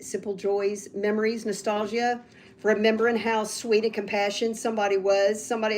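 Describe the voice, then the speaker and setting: A woman reading tarot cards on a casual livestream, rambling and getting loud when she's excited. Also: medium pitch, a little hiss or hum. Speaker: tarot reader.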